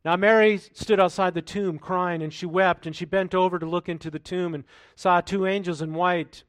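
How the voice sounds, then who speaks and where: In a dry room with no room sound, a high-pitched man preaches at a moderate pace with fairly even intonation. The pastor reads scripture aloud, then comments in a conversational way, asking rhetorical questions throughout his sermon.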